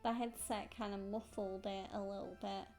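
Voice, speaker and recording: A woman's voice: mid-range voice, little pitch movement, moderate pace, darkish tone, soft background music. A young woman streaming a game, chatting in a rambling, distracted way into a headset. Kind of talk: casual gameplay chat.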